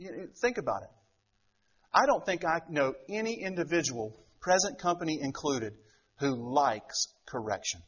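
A middle-aged man preaches a sermon in a husky, rather high voice. He keeps turning to the listeners with rhetorical questions and acts out the voices he quotes. The recording sounds dull and lo-fi. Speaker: pastor.

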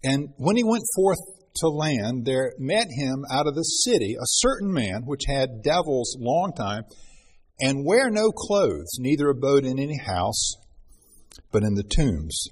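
Male preacher, husky, slow and earnest, mid-pitched, sermon reading. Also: big pitch swings. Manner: slow, earnest, clears throat often.

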